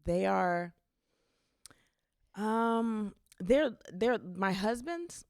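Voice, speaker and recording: A woman in her forties, a comedian guest, chatting casually with lots of fillers and quick asides. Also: medium pitch, expressive, a little mellow, no echo, clean studio sound.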